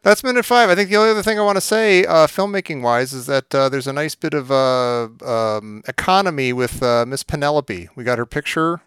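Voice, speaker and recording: A man's voice: a little high, fairly quick, few pauses, fairly bright tone, smooth, no echo, studio quality. A man co-hosting a podcast in casual chat, rambling and often restarting his sentences. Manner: rambling, self-interrupting, hesitant. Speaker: podcast co-host.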